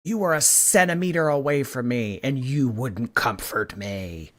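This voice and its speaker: A man's voice: medium pitch, measured pace, fairly bright tone. A man hosting a reaction show, mocking and laughing at a clip he is watching and reading viewer messages. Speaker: reaction channel host. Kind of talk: commentary on a replayed stream.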